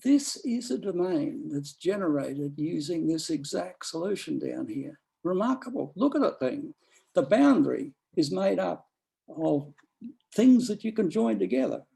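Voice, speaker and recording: A man's voice: fairly high pitch, lively intonation, unhurried, vocal fry, mellow, breathy edge, low-quality recording. A man giving an academic seminar talk, rambling with frequent restarts and fillers. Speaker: lecturer.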